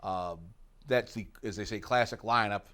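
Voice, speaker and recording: A man's voice: lowish voice, normal speed, a bit bright. A middle-aged man from the United States, a rock guitarist being interviewed, talking in a rambling way with many fillers and asides. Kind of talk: casual interview reminiscing.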